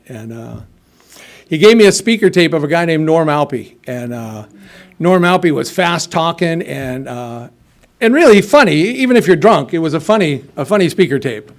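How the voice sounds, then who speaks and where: A man's voice: fairly high pitch, lively intonation, moderate pace. A middle-aged man telling his own recovery story at a meeting, rambling with many fillers and restarts. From United States. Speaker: AA meeting speaker.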